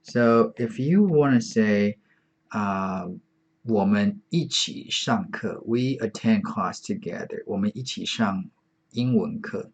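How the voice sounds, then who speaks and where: A man's voice: lowish voice, lo-fi sound. A man teaching an online beginner Chinese lesson, patient and repetitive, saying each word several times. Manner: slow, patient, repeats words often.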